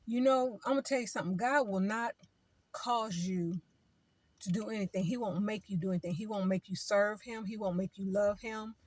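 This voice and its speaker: Casting note: woman, mid pitch, chatty informal preacher, repeats herself, no room echo. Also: steady tone, normal speed. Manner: conversational, repeats phrases, acts out quoted people. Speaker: vlogger giving spiritual advice.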